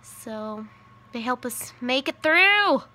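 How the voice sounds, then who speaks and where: A woman's voice: sits high, lively intonation, slow, sharp tone. A woman in her thirties, a widowed mother, telling a personal story in a casual, rambling way, full of "like" and "you know".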